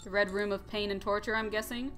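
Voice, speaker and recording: A woman's voice: mid-range voice, fairly even intonation, fast, a bit bright. A young woman chatting her way through a point-and-click game, giggling and tossing out jokes and tangents in a mid-range voice. Faint game music sits under her talk. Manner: giggly, joking, rambling asides. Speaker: let's play host. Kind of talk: casual gameplay commentary.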